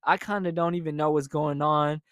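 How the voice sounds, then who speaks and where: A young man telling a personal story in a casual, animated, profane monologue as host of his own storytime show. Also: a little high, normal speed, clear, resonant tone, no room sound, clean studio sound.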